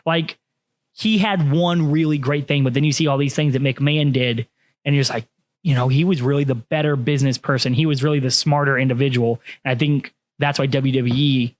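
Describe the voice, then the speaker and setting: A man co-hosting a podcast in casual chat, animated, acting out quotes and swearing freely. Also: mid-range voice, brisk. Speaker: podcast co-host.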